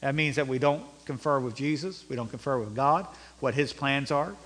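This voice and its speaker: A male pastor preaching a sermon, rising to loud emphatic peaks and dropping to low, quiet passages. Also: normal speed, long reverb tail.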